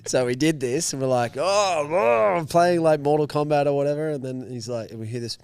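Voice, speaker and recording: An Australian man co-hosting a podcast, telling stories in a lively, casual way with free swearing. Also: medium pitch, quick pace, smooth, dry recording. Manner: animated storyteller, swearing freely. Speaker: podcast co-host. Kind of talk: casual chat.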